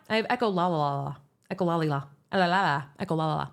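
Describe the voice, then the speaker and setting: A young American woman hosting a livestream, chatting casually and answering chat in a rambling, animated way with laughs. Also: fairly low pitch, fast. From United States. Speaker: VTuber streamer.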